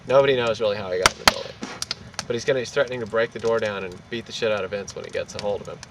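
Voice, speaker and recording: A man telling a casual anecdote in an animated, profane way, acting out what people said. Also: on the low side, racing. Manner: animated, profane, acts out quotes. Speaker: storyteller. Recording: distant mic, loud street and traffic noise.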